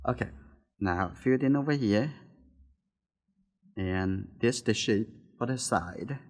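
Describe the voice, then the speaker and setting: Soft-spoken man teaching painting. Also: on the low side, slow pace. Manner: soft-spoken, talks while painting, nonnative phrasing. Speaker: art teacher. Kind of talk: painting demonstration.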